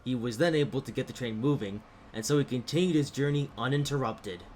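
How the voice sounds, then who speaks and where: A man narrating a cartoon story in a plain, steady manner. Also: medium pitch, a little fast, a little hiss or hum.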